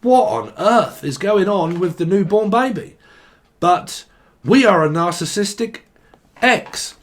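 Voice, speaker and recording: A man's voice: sits high, lively intonation, unhurried. Joking man. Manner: joking, swearing, breaks into song. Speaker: tarot reader. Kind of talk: casual tarot reading.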